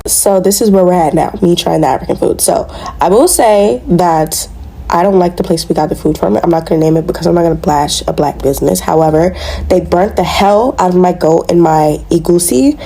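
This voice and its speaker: A woman tells her dating story in a casual vlog, animated and dramatic. Her voice is mellow and dark, with faint background noise. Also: mid-range voice, poor audio. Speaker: storyteller vlogger.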